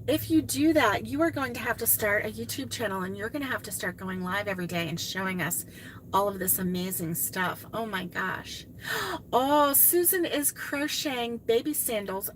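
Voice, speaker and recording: With a fairly high, slightly bright voice, a woman hosts a crochet live stream, reading comments from the chat and talking casually with viewers. She gushes and exclaims a lot, and there's a bit of background noise.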